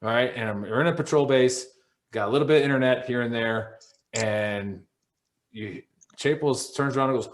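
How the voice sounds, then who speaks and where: A man's voice: mid-range voice, normal speed. A man co-hosting a veterans podcast, telling stories in a blunt, profanity-heavy, casual way. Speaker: podcast co-host.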